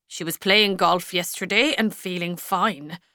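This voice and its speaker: Gentle middle-aged priest, voiced by a woman narrator, soft and careful, unhurried. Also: fairly low pitch, no room sound, clean studio sound.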